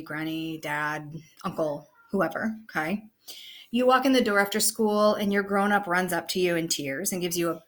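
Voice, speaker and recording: A woman teacher with a medium-pitched, slightly bright voice talks casually through an online lesson. Her conversational explanations are peppered with fillers like "okay" and "you know."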